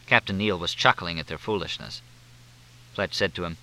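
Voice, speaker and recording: Male audiobook narrator, low, bright, animated delivery. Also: moderate pace, long pauses, poor audio. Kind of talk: scripted narration.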